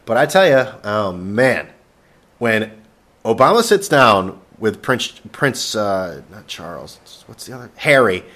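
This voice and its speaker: A man with a fairly low voice rambles through a casual podcast rant, sarcastic and profane. He keeps jabbing at an absent co-host as he goes, talking from a vacation rental with no internet. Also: big pitch swings, takes it slowly, a bit bright.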